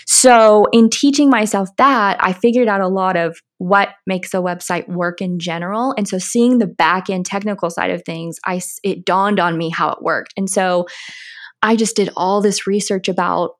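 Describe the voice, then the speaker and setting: A woman's voice: medium pitch, moderate pace. Young american woman guesting on a podcast, easy chatty talk, laughs a lot, lots of likes. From United States. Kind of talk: casual interview conversation.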